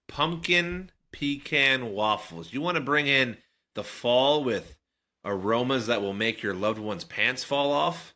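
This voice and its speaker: Male co-host, animated, bright tone, joking casual banter. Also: lowish voice. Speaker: podcast co-host. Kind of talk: casual chat.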